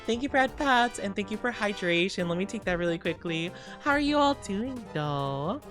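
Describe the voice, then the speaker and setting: A young adult woman streamer, tired and low on sleep, chatting casually and greeting her chat. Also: expressive, normal speed, music in the background. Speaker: VTuber streamer.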